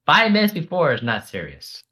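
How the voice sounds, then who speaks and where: Bright-voiced teasing podcast co-host. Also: mid-range voice, huge pitch swings, a little fast, slightly rough. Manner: teasing, nitpicky, dry heckling. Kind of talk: casual podcast banter.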